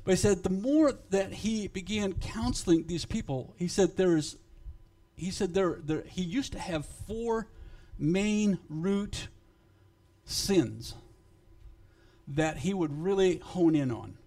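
Slow, high-voiced preaching man. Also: lively intonation, dark tone. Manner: halting, repeats words when unscripted. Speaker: pastor. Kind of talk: sermon.

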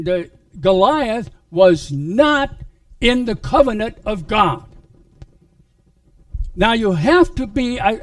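A man preaching a sermon, retelling a Bible story in a halting way with many restarts. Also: sits high, dry recording, far from the mic.

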